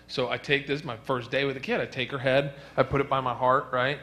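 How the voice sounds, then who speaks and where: A middle-aged man doing a stand-up comedy set, telling stories loudly and acting out characters with sudden shouts. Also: medium pitch, level tone, a little fast, hardly any pauses. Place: comedy club stage with a live audience. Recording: live stage recording with audience noise.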